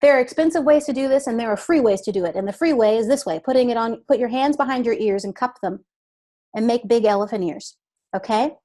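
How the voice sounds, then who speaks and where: A woman voice coach explaining exercises in a deliberate, patient way. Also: fairly high pitch, warm tone. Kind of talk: instructive interview talk.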